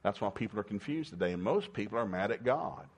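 An older man preaching a folksy sermon, telling homespun stories with lively, emphatic bursts. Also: fairly low pitch, quick pace, slightly rough.

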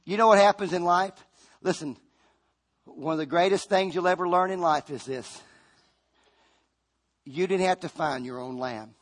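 A man preaching in a church, climbing to shouted peaks and then dropping low and hushed. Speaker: pastor. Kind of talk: sermon. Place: church sanctuary. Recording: music behind the voice.

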